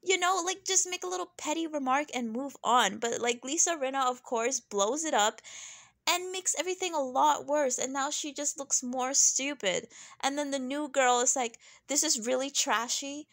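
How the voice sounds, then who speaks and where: A young woman talks through a reality TV episode in a loose, chatty vlog style. Her voice sits high, and she is sassy and animated, breaking into laughing asides. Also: moderate pace. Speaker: reality TV recap vlogger. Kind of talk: casual chatty commentary.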